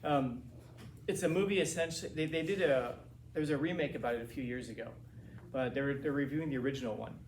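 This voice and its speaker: A man in his forties, a teacher, lecturing a class in a rambling, animated way with many restarts. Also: medium pitch, quick pace. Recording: roomy classroom from a distance, faint hiss.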